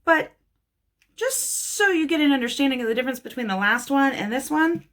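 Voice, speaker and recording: A woman's voice: high-pitched, animated, a little fast, a bit bright. Chatty blunt woman nail tech. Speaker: nail technician. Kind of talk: casual product haul talk.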